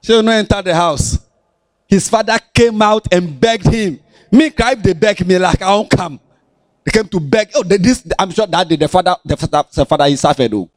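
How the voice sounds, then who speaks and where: Ghanaian guy preaching to kids, sing-songy and teasing, voice up high, dry close sound. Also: a little fast, no room sound. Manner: animated, sing-song, teasing the listeners. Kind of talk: lively Bible lesson for children.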